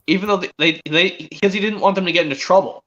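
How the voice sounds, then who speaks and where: A man hosting a stream, chatting excitedly as a fan and rambling with frequent restarts. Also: high voice, quick pace. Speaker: stream host. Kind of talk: casual fan chat. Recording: dull lo-fi stream audio.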